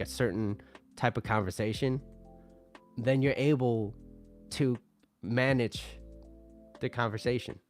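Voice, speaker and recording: A man talking through relationship advice in a loose, conversational way, often ending lines with "right?". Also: mid-range voice. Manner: acts out angry customers in mock voices. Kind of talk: casual advice monologue.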